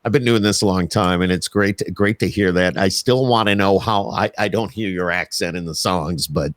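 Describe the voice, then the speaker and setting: A man's voice: deep voice, normal speed, no echo. A man with a Syracuse accent hosting a podcast from his home studio, chatting in a jokey, rambling way. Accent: Central New York. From Central New York. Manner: jokey, rambling, laughs easily. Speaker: podcast host. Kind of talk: casual chat.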